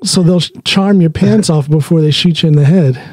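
A man's voice: on the high side, fairly quick, darkish tone. A man hosting a casual podcast conversation, talking in an earnest, opinionated way. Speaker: podcast host.

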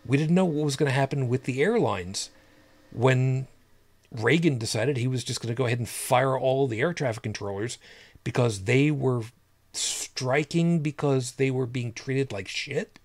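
A man's voice: mid-range voice, normal speed. A man co-hosting a podcast in casual chat, rambling and repeating words as he hunts for what to say. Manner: rambling, repeats words while searching for them. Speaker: podcast co-host.

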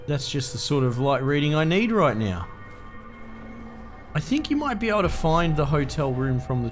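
A man doing crude, jokey let's-play commentary with lots of swearing. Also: a little high. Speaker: gaming host. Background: game music.

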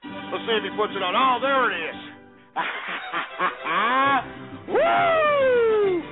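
A man's voice: high-pitched, quick pace. A man hosting a comedic talk radio show, rowdy and cursing, yelping and out of breath. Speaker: radio host. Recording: tinny phone-like radio audio with faint music.

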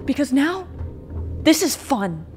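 A woman streamer excitably talking to herself while playing a game, swearing and reacting loudly. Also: sits high, takes it slowly, over music. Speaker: gameplay streamer. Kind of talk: let's play commentary.

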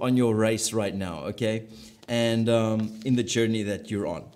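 A man's voice: on the high side, a little mellow. Emphatic man preaching. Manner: emphatic, repeats key phrases for effect. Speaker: pastor. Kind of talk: sermon.

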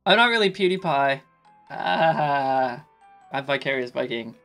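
A man's voice: medium pitch, a little slow, vocal fry, faint music behind. Tipsy man yelping through a game. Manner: excitable, swearing, panicky outbursts. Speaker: gaming YouTuber. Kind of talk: casual let's play commentary.

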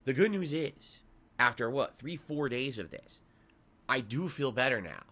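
A man's voice: medium pitch, expressive, measured pace, bright, forceful tone. A man with a congested nose giving viewers a rambling, complaining update on his illness. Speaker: streamer. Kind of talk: sick-day update to viewers.

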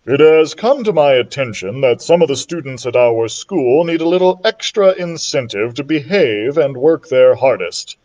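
Man doing a calm school principal, measured and formal, storybook voice. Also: medium pitch, lightly acted.

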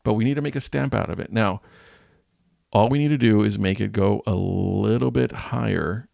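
A man's voice: lowish voice, moderate pace, gravelly, darkish tone, no room sound. A man who teaches, talking through a screen-recorded design tutorial in a jokey, self-mocking way while he thinks aloud. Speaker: teacher and channel host.

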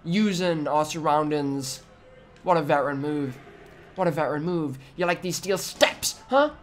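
Young male gaming YouTuber, high-pitched, hyped trash-talk with loud outbursts. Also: moderate pace, a little hiss or hum. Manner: excitable, trash-talking the opponent, sudden loud outbursts. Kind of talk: let's-play commentary.

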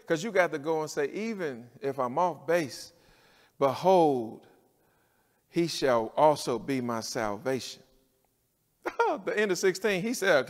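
A pastor preaching a sermon with a rhythmic cadence, dropping to near-quiet and rising to shouts. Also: male voice, fairly high pitch, long reverb tail.

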